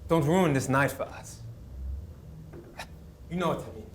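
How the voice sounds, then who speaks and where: A man's voice: on the high side, lively intonation, a little slow, reverberant, slight background noise. An actor in his twenties playing a proud young man at an audition in a short film. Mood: dramatic reading. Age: 20s. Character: young male actor, proud, quick to anger. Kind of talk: film dialogue.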